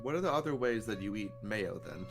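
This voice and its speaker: Low-voiced teasing man co-hosting a game. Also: animated, fast talker, soft background music. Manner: dry, teasing banter. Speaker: co-host of a game playthrough. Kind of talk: casual gaming commentary.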